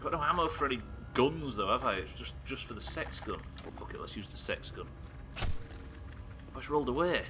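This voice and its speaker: A man from the UK streaming a game live, swearing often and reacting loudly between muttered asides. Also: mid-range voice, lively intonation, brisk, noisy background. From United Kingdom. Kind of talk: live gameplay commentary.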